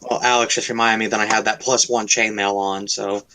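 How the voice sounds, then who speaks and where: A man's voice: fairly low pitch, level tone, a little fast, sharp tone. A young man playing in a tabletop game, chatting casually and joking at his own expense. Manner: joking, self-mocking. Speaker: player.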